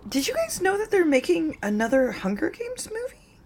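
A woman co-hosting a podcast, blunt and excitable, swearing freely in casual chat. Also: extremely high pitch, moderate pace. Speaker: podcast co-host.

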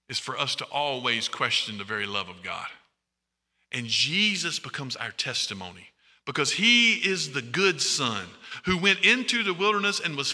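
A man preaching a sermon, animated and often asking the congregation questions. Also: sits high, in a large hall.

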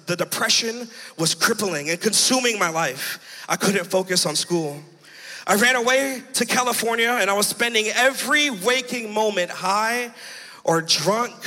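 A young man in his twenties gives a passionate sermon testimony in a church. His voice sits high and bright, and it carries a long hall reverb. He builds from quiet storytelling to ringing shouts. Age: 20s. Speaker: preacher giving testimony. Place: church sanctuary.

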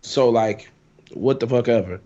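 A man's voice: medium pitch, measured pace, mellow. Blunt, profane male podcast host. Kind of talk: casual chat. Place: at home. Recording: slightly dull lo-fi sound.

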